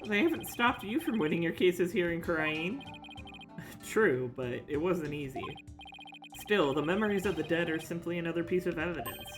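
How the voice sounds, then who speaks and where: Woman streamer, game lines read aloud, lively swooping pitch, laughs a lot, game music up. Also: normal speed. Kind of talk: casual let's-play chat, reading game lines.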